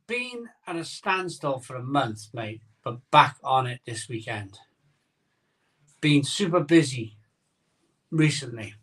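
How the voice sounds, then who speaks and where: Man, middle-aged, fairly high voice, chatty live stream host, recorded on a phone. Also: fairly bright tone. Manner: chatty, jokey, sleepy and yawning. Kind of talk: casual live chat reading viewer comments. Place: home conservatory. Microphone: phone camera.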